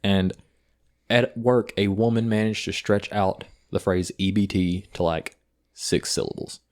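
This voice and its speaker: A young man with an Eastern Kentucky accent, co-hosting a podcast and telling stories in a casual, profane, animated way. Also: fairly low pitch, unhurried. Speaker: podcast co-host. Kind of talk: casual chat.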